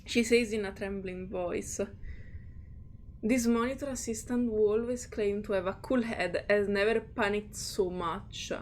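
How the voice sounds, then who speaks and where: A woman's voice: mid-range voice, measured pace, a little hiss or hum. A woman streamer reading game text aloud and reacting in a chatty, giggly way. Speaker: gaming streamer.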